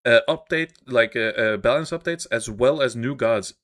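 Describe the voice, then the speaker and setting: A man's voice: mid-range voice, normal speed, fairly bright tone. Dude on a gaming podcast sharing his takes, lots of uhs. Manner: opinionated, hesitant with many uh fillers. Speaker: podcast co-host. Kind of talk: casual gaming podcast chat.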